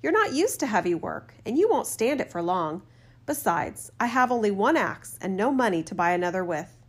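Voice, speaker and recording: A careworn old father who chides his son gently, slow and lowered in tone, as a woman reads his part. His warnings come out measured and patient in this storybook telling. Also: very animated, breathy edge. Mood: cautioning. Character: worried old woodcutter father, scolding gently. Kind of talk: storybook reading.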